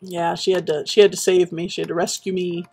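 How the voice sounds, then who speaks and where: A woman chatting casually while building in a game, rambling and reminiscing with many pauses and fillers. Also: fairly low pitch, level tone, darkish tone, husky. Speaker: Minecraft streamer.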